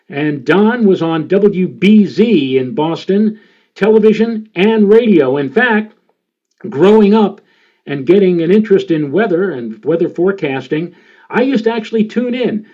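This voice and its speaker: Rambling older meteorologist with a dull lo-fi sound. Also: male voice, high voice, expressive, normal speed, dark tone. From New York area. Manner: rambling, with many filler sounds. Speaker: meteorologist giving a presentation. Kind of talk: storytelling presentation.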